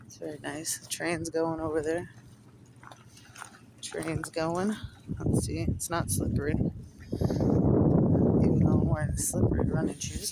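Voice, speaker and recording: A woman's voice: deep voice, steady tone, measured pace, gravelly, pauses often, heavy background noise. A woman giving a casual outdoor tour, chatty and admiring, cooing at her dog. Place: outdoors in a remote northern town. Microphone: handheld camera while riding an ATV.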